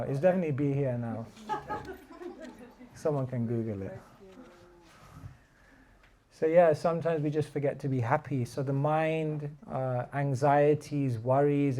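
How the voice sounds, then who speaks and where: Mellow-voiced man giving a chatty class. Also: on the high side, unhurried, long pauses. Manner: chatty, laughing, many fillers like "like". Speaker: spiritual teacher. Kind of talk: casual sermon with storytelling.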